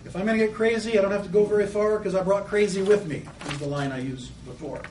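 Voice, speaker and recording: A man lecturing to a class, animated and acting out the voices of children as he explains. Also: sits high, quick pace, a little hiss or hum. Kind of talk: lecture on psychoanalytic theory. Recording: echoey room, mic at a distance.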